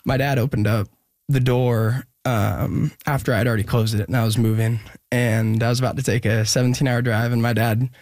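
A man's voice: medium pitch, flat delivery, darkish tone, dry recording. Young guy from oregon telling his story, earnest, lots of ums and restarts, mid voice, dry sound. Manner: earnest, hesitant, many pauses and restarts. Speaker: interview guest, musician. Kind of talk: personal storytelling in an interview.

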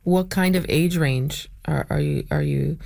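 A radio interviewer asking gentle questions and giving short acknowledgements. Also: medium pitch, huge pitch swings, unhurried, no echo, clean studio sound.

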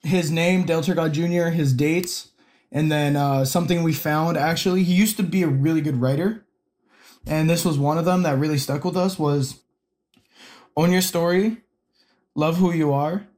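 A young man telling a personal family story in an interview, casual and heartfelt, pausing often with fillers. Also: on the high side, fairly even intonation, darkish tone. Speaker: guest.

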